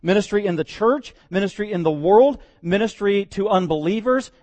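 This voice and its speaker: A man preaching a sermon as pastor, swinging between loud, emphatic declarations and quiet, earnest asides. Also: high voice, normal speed, dry recording. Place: church.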